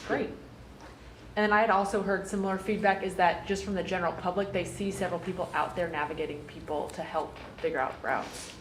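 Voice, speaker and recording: A woman board member calling roll and moving the meeting along, brisk and procedural. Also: fairly low pitch, steady tone. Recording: echoey room with background noise.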